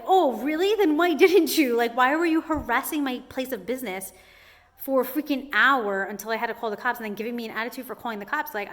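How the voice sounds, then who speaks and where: Young woman vlogger, conversational storytelling, lots of "like", lively. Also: fairly high pitch. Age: young adult. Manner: chatty, says "like" constantly, animated retelling. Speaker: hair salon owner. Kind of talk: casual storytime to camera.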